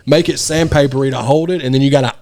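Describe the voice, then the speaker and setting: A man's voice: mid-range voice, fairly even intonation, quick pace, a loud crowd. A man in casual podcast chat, talking in a laid-back, agreeable way.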